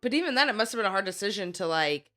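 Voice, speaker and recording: A woman's voice: mid-range voice, lively intonation, very fast, bright, forceful tone, faint music behind. A woman co-hosting a casual podcast, chiming in with sympathetic reactions. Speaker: podcast co-host. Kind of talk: casual chat.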